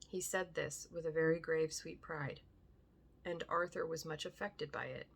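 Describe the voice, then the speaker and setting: A woman's voice: sits low, normal speed, gravelly, slightly rough. A woman reading a classic novel aloud and then chatting casually, hesitant with fillers. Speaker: audiobook reader and podcast host. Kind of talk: audiobook narration then casual chat.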